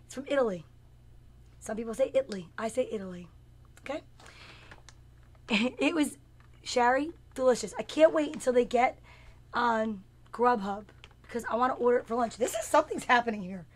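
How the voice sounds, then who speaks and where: A woman in her fifties, a comedian hosting her own show, chatting casually with viewers by name in a rambling, playful, self-mocking way. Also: fairly high pitch. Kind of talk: casual comic live chat with viewers.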